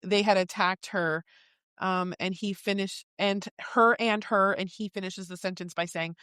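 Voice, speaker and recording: A woman's voice: mid-range voice, a little slow, clean tone, no room sound. Woman co-host summarizing chapters in a dry room. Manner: swearing freely, lively summarizing with quoted asides. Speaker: podcast co-host. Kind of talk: casual book club chat, summarizing chapters.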